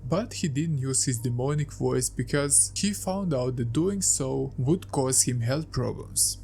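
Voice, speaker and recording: A man's voice: medium pitch, creaky, a little mellow. A man narrating a YouTube commentary video in a matter-of-fact, scripted way.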